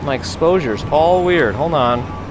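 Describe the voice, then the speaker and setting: A man's voice: a little high, animated, unhurried. Rambling man streaming from a street. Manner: rambling, thinks aloud, chats to viewers. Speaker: live-streaming walking vlogger. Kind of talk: casual chat to stream viewers. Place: outdoors on a city street. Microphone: handheld gimbal camera mic. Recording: street noise behind a handheld camera mic.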